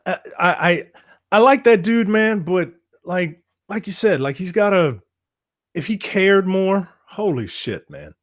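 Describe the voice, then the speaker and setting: A man's voice: sits high, lively intonation, measured pace, a bit bright, no room sound. Rambling man, dry close sound. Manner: rambling, swears, restarts, says "like" and "man". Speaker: wrestling podcast co-host. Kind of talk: casual chat.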